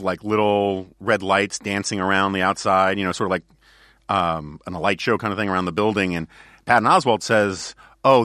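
Low-voiced rambling podcast host. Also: male voice, pushed and bright, dry recording, studio quality. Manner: rambling storyteller with many fillers and restarts. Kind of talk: casual chat.

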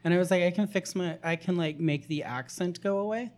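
A woman's voice: lowish voice, a little fast, darkish tone. A woman from the Southern US co-hosting a podcast, telling wry, joking stories in casual chat. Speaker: podcast co-host.

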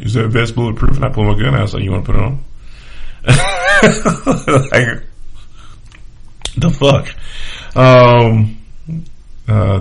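Gravelly-voiced man telling profane stories. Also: fairly low pitch. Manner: profane, laughing anecdotes with many fillers. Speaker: podcast host. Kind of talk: casual storytelling monologue.

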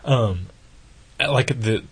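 A man's voice: medium pitch, slow, vocal fry, slightly rough. A man co-hosting a podcast, chatting casually and enthusiastically, rambling with restarts. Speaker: podcast co-host. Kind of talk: casual chat.

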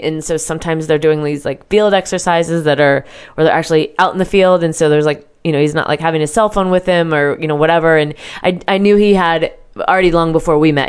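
A woman's voice: low voice, clean tone. A woman hosting a show, telling a candid personal story in a chatty, rambling way with lots of filler words and the occasional casual swear. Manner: chatty, heavy use of "like" and "right?". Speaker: podcast host.

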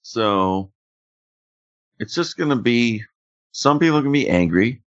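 A man's voice: medium pitch, expressive, measured pace, dull audio. A man answering in a laid-back way, a guest presenting his song on a casual show. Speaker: guest musician. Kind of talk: casual chat.

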